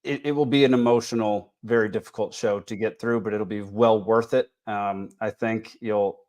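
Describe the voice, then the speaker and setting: A man's voice: on the low side, fairly even intonation, moderate pace, darkish tone. A man with a Texas accent hosting a casual podcast, tired and rambling with many fillers and restarts. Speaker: podcast host.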